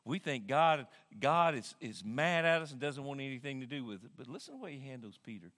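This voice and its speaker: A male pastor preaching a sermon in an animated way, often repeating words as he thinks. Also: mid-range voice, a little fast. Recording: long hall reverb.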